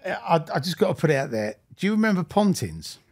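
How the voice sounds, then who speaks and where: A man hosting a podcast interview, eager and quick to laugh, often stumbling over his restarts. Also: on the high side, very animated, darkish tone, slightly rough. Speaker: podcast host. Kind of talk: casual interview chat.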